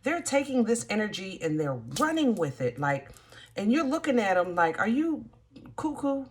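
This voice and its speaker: A woman's voice: medium pitch, big pitch swings, moderate pace, slight background noise. A woman hosting a casual tarot reading, talking to her viewers in a chatty, emphatic way with lots of fillers. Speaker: tarot reader.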